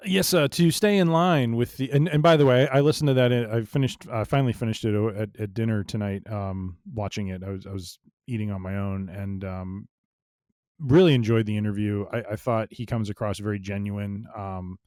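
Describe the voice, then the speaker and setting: A low-voiced man co-hosts a casual podcast, chatty and quick with short replies. The recording is dry and close, with no room sound. He talks in an easy conversational way. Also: fairly even intonation, a little mellow, clear, resonant tone, no room sound. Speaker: podcast co-host. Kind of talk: casual chat.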